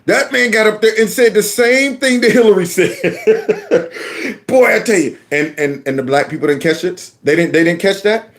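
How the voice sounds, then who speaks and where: With a high voice and a moderate pace, this man hosts his own channel. His political commentary on video clips is mocking, punctuated by sudden squeals and bursts of laughter.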